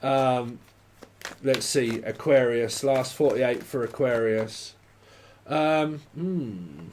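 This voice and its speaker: A man's voice: medium pitch, extremely slow, a little mellow, slight background noise. A man giving a casual, rambling tarot reading, often swearing and laughing. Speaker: tarot reader.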